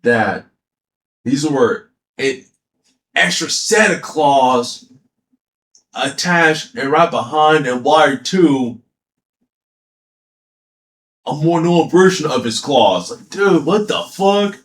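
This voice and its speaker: A man's voice: on the high side, slow pace, pauses often, roomy sound. A man casually ranting about an anime, retelling scenes with swearing and laughter. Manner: animated, profane, laughing storytelling. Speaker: anime commentator.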